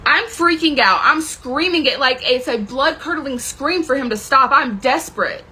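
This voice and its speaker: A woman with a high, pushed, bright voice tells the camera a dramatic personal story at normal speed. She's expressive, intense and emotional, swearing plenty, and the recording is low quality.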